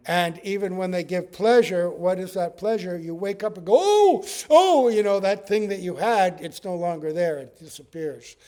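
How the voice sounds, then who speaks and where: A man's voice: high-pitched, steady tone, normal speed, few pauses, a little mellow. A man teaching a scripture class, telling stories with acted-out quotes and often asking "right?". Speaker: spiritual teacher.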